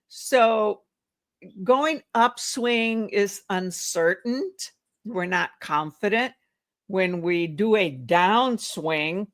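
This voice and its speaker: A woman teaching a real estate sales script, slowly acting out the agent's and the seller's lines with shifting intonation. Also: medium pitch, expressive. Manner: acts out both sides of a phone call with shifting intonation; slow, deliberate delivery.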